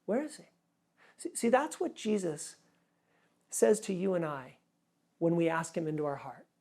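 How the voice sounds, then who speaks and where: A pastor giving an earnest sermon, often repeating words for emphasis. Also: male voice, fairly high pitch, animated, moderate pace, a little mellow.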